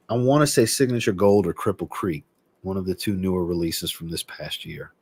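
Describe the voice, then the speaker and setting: A man hosting a livestream and chatting casually, reading viewer comments aloud and answering them in a relaxed, rambling way. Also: sits low, a little slow, slightly rough, dry recording. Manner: relaxed, rambling, with filler words. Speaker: host.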